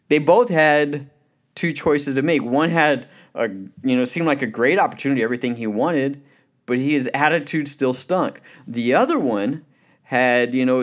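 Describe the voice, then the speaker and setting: Earnest man giving a motivational talk. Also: mid-range voice. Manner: earnest, conversational, many "you know" fillers; tells anecdotes with lively acted quotes. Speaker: speaker.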